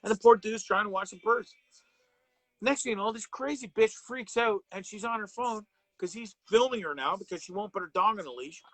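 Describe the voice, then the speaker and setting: A man's voice: sits high, brisk, a bit bright, no room sound, low-quality recording. A middle-aged man hosting a live online show, talking casually and ranting with profanity, rambling with fillers and restarts, and reading viewer comments aloud.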